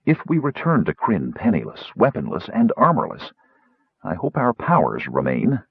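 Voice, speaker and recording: A man's voice: fairly low pitch, huge pitch swings, moderate pace, breathy edge, no echo, phone-quality sound, heavily acted. A man voicing a proud, power-hungry woman warrior who speaks firmly and commandingly, in an audiobook. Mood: fierce. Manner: firm, commanding.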